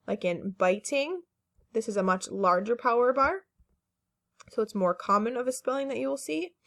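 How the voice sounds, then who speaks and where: A woman teaching a phonics lesson to children, speaking slowly and carefully, stretching each word and encouraging the class. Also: medium pitch, fairly bright tone. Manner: slow, careful word-by-word enunciation; patient and encouraging, with fillers.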